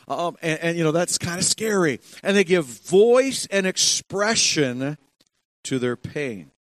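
A man's voice: fairly high pitch, dry recording. Older male pastor, dry close voice. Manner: warm storytelling with soft laughs, swings between hushed and emphatic. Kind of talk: sermon.

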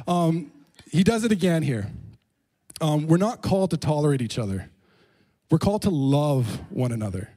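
Conversational man preaching, mellow voice. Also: a little high, expressive, normal speed. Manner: conversational, with frequent "you know" and "um"; chuckles between points. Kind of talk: sermon. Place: room with a gathered congregation.

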